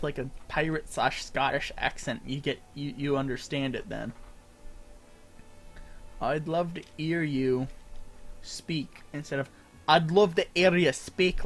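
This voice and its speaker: A man's voice: on the high side, a little slow. A young man streaming a game, chatting casually with lots of fillers and laughs. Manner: rambling, filler-heavy, laughs often. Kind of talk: casual gameplay commentary.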